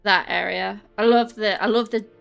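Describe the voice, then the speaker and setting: A woman's voice: mid-range voice, fairly even intonation, moderate pace, creaky, a bit bright, clean tone. An English woman streamer chatting casually with her viewers and answering chat while walking on a treadmill. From England. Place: home, on a treadmill.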